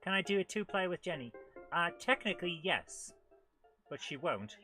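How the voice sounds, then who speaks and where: A man's voice: high-pitched, moderate pace, faint music behind. Chatty British man narrating his gameplay. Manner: chatty, self-mocking, makes beeping car noises; excitable while playing. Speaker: host. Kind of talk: live retro gameplay commentary.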